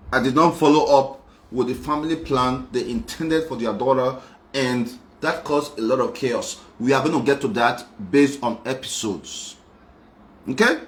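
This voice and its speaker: A man's voice: medium pitch, measured pace, a bit bright, roomy sound. A young man, speaking on a live show in an insistent, repetitive, emphatic monologue. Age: young adult. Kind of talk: emotional personal monologue.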